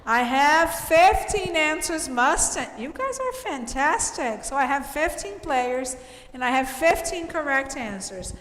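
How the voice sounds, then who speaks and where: High-voiced woman teacher, slow and echoey. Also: sing-song, fairly bright tone, a little hiss or hum. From Brazil. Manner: encouraging, explains slowly, cheers students on. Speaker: English teacher. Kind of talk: online class quiz review. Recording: echoey room with long reverb.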